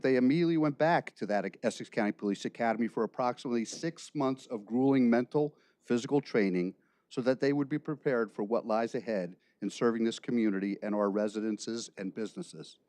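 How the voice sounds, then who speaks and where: A man in his sixties, a police chief, giving a formal prepared speech at a council meeting in a measured, ceremonial way with deliberate pauses. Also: medium pitch, darkish tone, dry recording.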